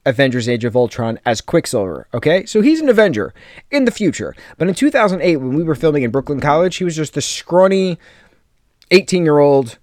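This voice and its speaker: A young adult American man with a fairly high, slightly mellow voice and big swings in pitch hosts a casual podcast, telling a rambling personal story. He's chatty, uses lots of fillers, and tosses in quick jokey asides. The recording is clean studio sound with no room sound.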